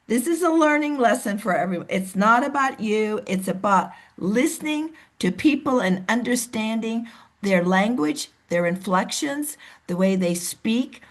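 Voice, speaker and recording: A woman leading a team meeting over a video call. She coaches in an animated way and acts out the voices of the people she describes. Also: on the high side, a little slow. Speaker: team leader. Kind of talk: motivational coaching talk.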